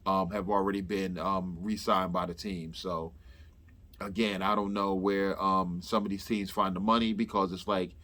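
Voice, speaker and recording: A man's voice: low voice, flat delivery, moderate pace, pushed and bright. A man hosting a sports fan show, talking casually and rambling with lots of fillers and restarts. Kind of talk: casual chat.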